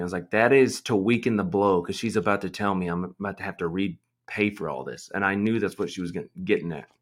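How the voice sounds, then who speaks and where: A man on a casual podcast, telling a story in an animated, exasperated way and swearing freely. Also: fairly low pitch. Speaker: podcast host.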